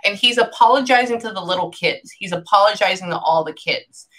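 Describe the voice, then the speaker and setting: A woman gives a medium reading in a crisp, bright voice. She keeps breaking off mid-thought to listen, then relays what she hears in quick, chatty bursts. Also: mid-range voice. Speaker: psychic medium. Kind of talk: reading session, relaying messages.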